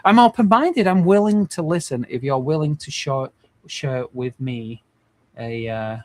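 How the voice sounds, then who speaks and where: A man's voice: medium pitch, animated, measured pace, no echo. A man in his forties, hosting a livestream in an earnest, rambling way with many restarts. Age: 40s. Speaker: livestream host. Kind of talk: casual livestream talk.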